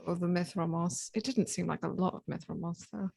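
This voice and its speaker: A woman's voice: lowish voice, steady tone, fairly quick, gravelly, dark tone, breathy edge. A woman playing a tabletop game, talking bluntly and casually. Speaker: player.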